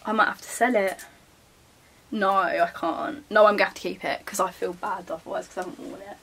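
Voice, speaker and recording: Sorting her wardrobe beside it in the bedroom, a young woman vlogger chats casually and mutters asides to herself. She has a mid-range voice with a steady tone, a fairly quick pace, and a slightly rough, somewhat bright quality, far from the mic.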